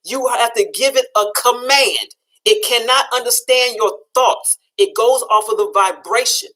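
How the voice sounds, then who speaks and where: A woman's voice: on the high side, a bit bright, poor audio. Firm, affirming woman talk host. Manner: firm, affirming, speaks in commands. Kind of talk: motivational talk show.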